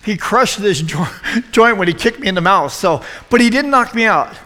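A man in his forties with a high, bright voice gives a storytelling youth sermon. He acts out quotes with lively, self-deprecating humor. His voice rings in a long hall reverb. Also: moderate pace. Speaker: youth pastor. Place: church youth room.

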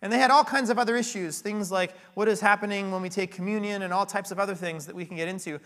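High-voiced pastor in a reverberant hall. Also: male voice, fairly even intonation, quick pace, fairly bright tone. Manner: earnest, explanatory, asks rhetorical questions. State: losing his voice. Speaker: pastoral candidate preaching. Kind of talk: conversational sermon. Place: church sanctuary. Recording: long reverb of a large hall.

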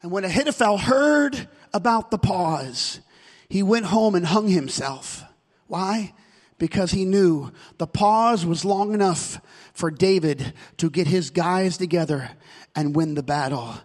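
A male pastor delivering an impassioned sermon that builds to shouted calls. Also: high voice, animated, unhurried, in a large hall.

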